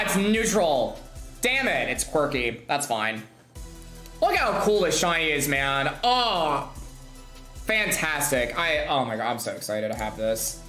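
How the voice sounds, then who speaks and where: A young woman streaming a game, chatting to her viewers, bubbly and laughing as she squeals with excitement. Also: deep voice. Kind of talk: excited gameplay streaming chat. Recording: echoey room with music behind.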